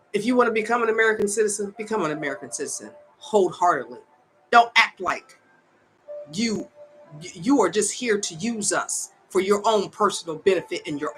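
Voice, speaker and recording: A woman's voice: fairly low pitch, a bit bright, low-quality recording. An older woman giving a heated, opinionated monologue, repeating herself for emphasis and laughing between points. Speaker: vlogger and advocate.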